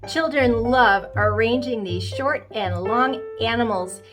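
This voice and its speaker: A woman's voice: fairly high pitch, slow pace. A woman music teacher explaining a rhythm activity for young children, chanting short and long beats as she demonstrates. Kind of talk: instructional explanation.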